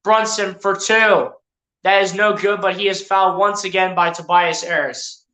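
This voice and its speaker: Bright, chatty play-by-play streamer in an echoey room. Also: mid-range voice, steady tone, normal speed. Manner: chatty, addresses players and viewers directly, self-correcting. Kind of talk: casual live play-by-play commentary.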